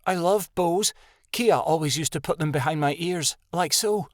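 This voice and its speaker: A man voicing an excitable young female wolf in a fantasy audiobook, eager and chirpy. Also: fairly high pitch, normal speed, dry recording, clean studio sound, pitched above the performer's own voice, lightly acted.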